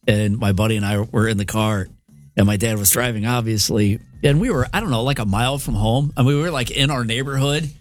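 A man co-hosting a casual chat, telling a funny story and laughing at it. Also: mid-range voice. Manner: laughing anecdote teller. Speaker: co-host.

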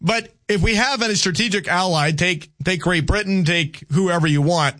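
A man's voice: high voice, moderate pace, a bit bright, no echo, studio quality. A Southern American man hosting a call-in radio talk show, talking with many restarts and repeated words, and arguing firmly with callers.

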